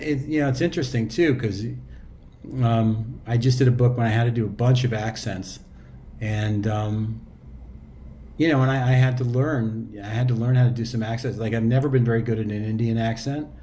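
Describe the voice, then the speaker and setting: Mellow-voiced narrator in his sixties. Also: medium pitch, slight background noise. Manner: relaxed, reflective, loose with fillers and restarts. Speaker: guest, audiobook narrator and actor. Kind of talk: casual interview chat.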